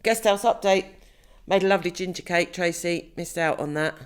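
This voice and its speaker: A woman's voice: lowish voice, normal speed, clear, resonant tone. A woman co-hosting a podcast in casual chat, laughing often and swearing casually. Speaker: podcast co-host.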